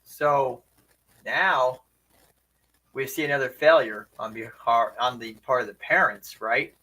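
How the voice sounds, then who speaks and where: A man's voice: mid-range voice, takes it slowly, bright, forceful tone, low-quality recording. A man commenting casually on a video, asking rhetorical questions. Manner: conversational, asks rhetorical questions.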